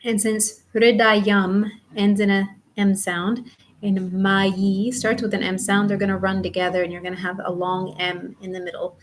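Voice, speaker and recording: A woman teaching a chant in a step-by-step pronunciation lesson, drawing out syllables slowly and patiently for students to repeat. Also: medium pitch, flat delivery, a little hiss or hum.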